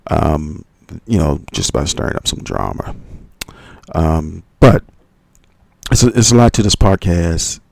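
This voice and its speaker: A man's voice: deep voice, big pitch swings, a little slow, creaky, darkish tone, no echo. A man hosting a channel, recapping podcast drama with a hesitant, filler-heavy delivery. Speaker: channel host. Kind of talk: commentary recap.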